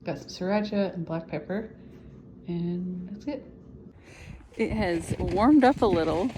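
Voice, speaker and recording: A woman's voice: lowish voice, measured pace, mellow, a little hiss or hum, low-quality recording. A woman casually narrating a food vlog from her home kitchen, in a chatty, rambling, matter-of-fact way. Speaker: food vlogger. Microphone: phone held or propped nearby.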